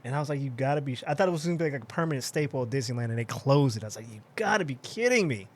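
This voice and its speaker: A man's voice: medium pitch, rapid-fire, a little mellow. A man who is a guest on a podcast, chatting casually in a studio, laughing often and stumbling over restarts as he teases the hosts. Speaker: podcast guest, content creator. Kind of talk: casual chat.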